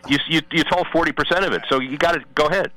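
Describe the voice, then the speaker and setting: A man's voice: fairly high pitch, rapid-fire, bright, forceful tone, low-quality recording. A man co-hosting a sports radio show, bantering and teasing his partner. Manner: teasing, laughing along. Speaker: radio co-host.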